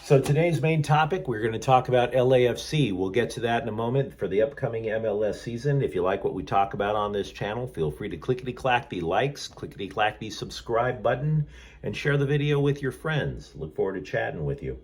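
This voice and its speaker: A sports channel host sits in a hotel room and unloads a snarky, sarcastic monologue, rambling with sardonic asides. His mid-range voice is expressive and fairly quick, with a darkish, slightly rough tone.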